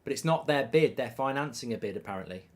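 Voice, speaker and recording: Excitable man hosting a watchalong. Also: mid-range voice, fast, slight background noise. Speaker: host of a football watchalong stream. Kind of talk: live reactive football chat, reading viewer comments.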